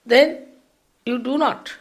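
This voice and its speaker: An older woman, a spiritual teacher, giving an unhurried, explanatory public lecture with big swings in pitch and loudness. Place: public program before an audience.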